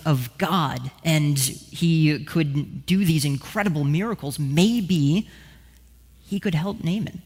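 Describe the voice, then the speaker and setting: A man preaching a sermon, telling a story in a casual, animated way with many asides. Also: a little high, long reverb tail. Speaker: pastor.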